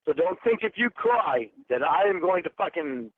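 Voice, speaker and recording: A man's voice: a little high, very animated, normal speed, breathy edge, no echo. A man in a furious, swearing phone argument, hurling accusations. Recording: tinny phone line.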